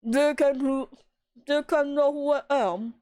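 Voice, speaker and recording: A woman voicing a burly, stern male prison governor from a video game. She reads him in a gruff, boastful way and stumbles over some lines. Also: high voice, steady tone, unhurried, a little mellow, no room sound.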